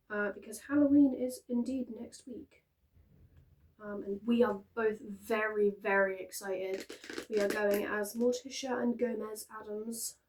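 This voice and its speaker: A young woman chats to camera from her bed, her voice sitting a touch higher than most. She rambles on in a loose, self-interrupting way, talking about her reading. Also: a little mellow. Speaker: reading vlogger. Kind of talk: casual chat to camera. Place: at home, sitting on a bed with pillows.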